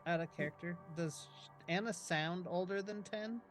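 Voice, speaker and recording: A man's voice: high-pitched, normal speed, a bit bright, soft background music. A man playing a tabletop game, talking in a playful, jokey way and sometimes slipping into character. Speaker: player. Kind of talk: casual tabletop play, partly in character.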